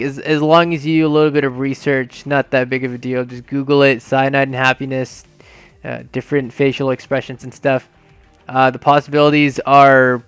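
A man giving a casual, rambling game tutorial voice-over, filling pauses with ums and uhs as he walks through each step. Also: medium pitch, clear, resonant tone, no echo. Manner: rambling and relaxed, many fillers, talks through each step. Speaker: video game tutorial maker.

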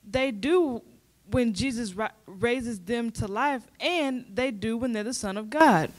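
A woman's voice: fairly high pitch, measured pace, close to an everyday voice. A woman playing an eager, insistent female field reporter in an amateur church skit.

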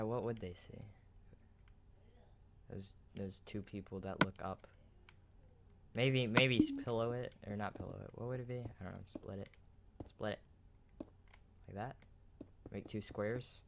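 Man, low voice, casual game host, bossy, keyboard clatter loud behind him. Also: fairly even intonation, creaky, very noisy. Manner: bossy, quick to direct and redirect. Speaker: let's play host. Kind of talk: casual chat while building in a game. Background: keyboard clicking.

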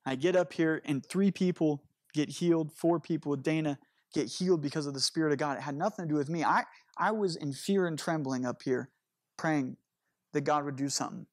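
A man's voice: a little high, no room sound, clean studio sound. A man preaching as a pastor in an earnest, conversational storytelling sermon, speaking to a congregation from a church stage. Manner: earnest, animated storytelling with rushed bursts.

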